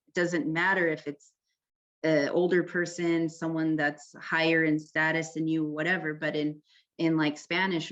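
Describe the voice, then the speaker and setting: Woman from California, low voice, casual presenter style, slightly dull lo-fi sound. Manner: conversational, frequent "right?" and "um", deliberately informal. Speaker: peer educator workshop presenter. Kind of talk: informal teaching talk.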